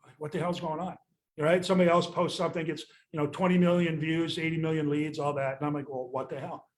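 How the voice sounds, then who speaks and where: A man's voice: fairly high pitch, little pitch movement, fast, slight background noise. An older man, a real estate sales coach ranting bluntly and with exasperation, swearing casually in a podcast chat. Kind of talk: candid podcast rant.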